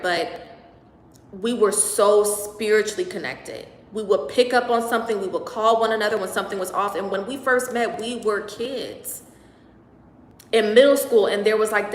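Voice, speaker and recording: A young woman talks casually on her livestream, telling her own stories and breaking off to read and answer viewers' comments. Her voice sits at an everyday middle pitch. The sound is roomy, with a long reverb that trails behind her words. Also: slight background noise. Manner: chatty, reads and answers live comments. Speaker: livestream host. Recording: echoey room with long reverb.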